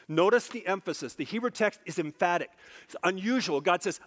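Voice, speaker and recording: A man preaching a sermon, emphatic, repeating phrases for stress and slowing low on key points. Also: expressive, fairly bright tone, big-room sound.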